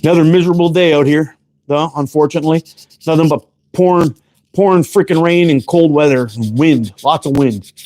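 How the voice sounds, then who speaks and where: A man with a fairly high, darkish voice talks briskly while livestreaming from his shop, where he makes slingshots. Laid-back and freely profane, he greets viewers by name, leaning in close to the camera to read the chat.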